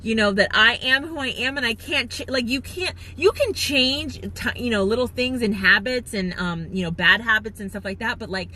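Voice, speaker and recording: Woman on a phone livestream, bright highish voice, emotional, chatty and gushy, lots of ums. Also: moderate pace, few pauses, a little hiss or hum. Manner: gushing, heartfelt, chatty with many fillers. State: near tears. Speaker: reseller live-streaming to viewers. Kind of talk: emotional live-stream chat.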